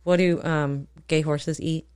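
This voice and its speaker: A woman's voice: deep voice, fairly even intonation, unhurried, a little mellow, clean tone. A woman co-hosting a casual chat, blunt and profane, often laughing. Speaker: podcast co-host.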